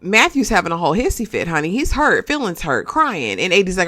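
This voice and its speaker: A woman giving a casual, chatty recap of a reality show, animated and often checking in with the viewer. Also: lowish voice, brisk. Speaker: reality TV reviewer.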